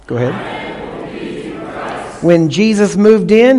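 A man's voice: high voice, lively intonation, slow, pauses often, warm tone, big-room sound. A male pastor preaching a sermon, teaching emphatically and often checking in with the congregation.

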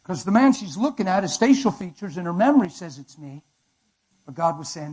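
Male preacher, high husky voice, emphatic dramatic storytelling. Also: very animated, fairly quick, a little mellow, rough recording. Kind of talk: sermon testimony.

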